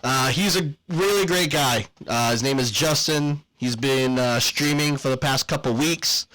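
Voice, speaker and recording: Here a podcast co-host speaks at a measured pace in a medium-pitched, sharp-toned voice, captured on a rough recording while he's out of breath. His ad read is playful and jokey, rambling along with plenty of fillers before a casual sign-off, all part of a laid-back podcast chat.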